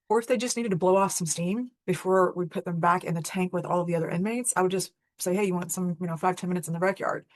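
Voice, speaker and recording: Low-voiced woman telling earnest stories. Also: dry recording. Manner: earnest, conversational, candid. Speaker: host. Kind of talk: personal storytelling and spiritual teaching.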